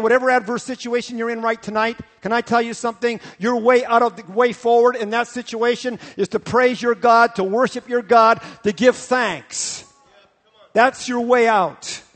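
Pastor preaching, high and animated, long echo of a large hall. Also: male voice. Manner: animated storytelling, repetitive. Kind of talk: sermon.

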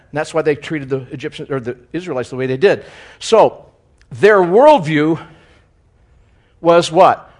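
A man delivers a lively sermon in a voice pitched a little above most men's. He leans hard into key phrases and drops into quiet, joking asides, often chuckling at himself. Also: unhurried. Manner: animated, swings between loud emphasis and quiet asides; joking, chuckles at his own lines. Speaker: preacher.

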